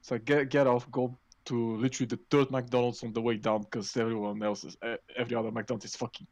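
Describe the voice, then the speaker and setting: A man's voice: medium pitch, fast, no room sound, highs cut off. A man telling a long rambling story on a casual podcast, swearing freely and restarting his sentences. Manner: rambling, profane, animated storytelling. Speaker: podcast co-host.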